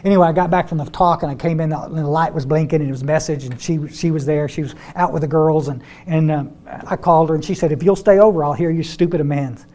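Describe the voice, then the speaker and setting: An older man shares his story as a speaker at an AA step study, folksy in manner, repeating words and calling the audience "y'all." His voice runs on the high side, steady and a little mellow, and he talks fast.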